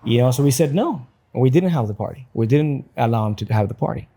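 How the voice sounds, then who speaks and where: A man's voice: medium pitch, lively intonation, fast talker, warm tone, slightly rough. A man in his thirties, a guest on a podcast, talking earnestly and reflectively about raising his kids. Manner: earnest, reflective, with fillers and restarts. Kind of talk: casual interview chat.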